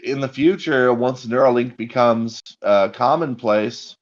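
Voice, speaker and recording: A man's voice: mid-range voice, unhurried. Rambling, profane man on lo-fi stream. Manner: rambling, profane, spins hypothetical scenarios. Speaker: stream co-host. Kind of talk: casual live-stream chat.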